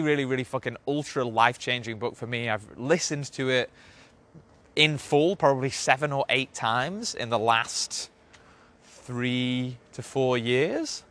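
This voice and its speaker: A man's voice: mid-range voice, bright, forceful tone. A young man hosting a podcast, talking in a loose, rambling, profane monologue full of filler words. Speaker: podcast host. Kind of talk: casual monologue.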